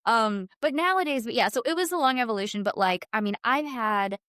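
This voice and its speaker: Woman podcast guest, storyteller, lively quoting voice, dry close mic. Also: brisk, no echo. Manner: animated, voices quotes in a high excited pitch. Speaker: podcast guest, spiritual healer. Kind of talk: casual storytelling.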